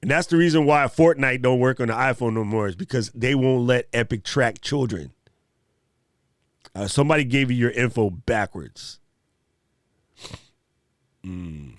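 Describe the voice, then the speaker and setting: A man's voice: mid-range voice, a little slow, long pauses, dry recording. A man hosting a live stream Q&A, chatting casually and animatedly with viewers in slang. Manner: animated, slangy, talks straight to chat viewers.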